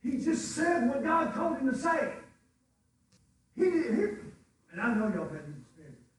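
High-voiced preacher in echoey hall. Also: male voice, very animated, moderate pace, distant mic, a little hiss or hum. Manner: fervent, swings from quiet asides to shouting. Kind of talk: sermon.

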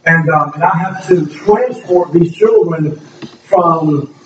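A man's voice: fairly high pitch, takes it slowly. Earnest man in an echoing hall. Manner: earnest, emotional, rambling with restarts. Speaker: speaker giving a testimony. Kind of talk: casual spoken testimony to a congregation. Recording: echoey room, distant mic, dull and noisy.

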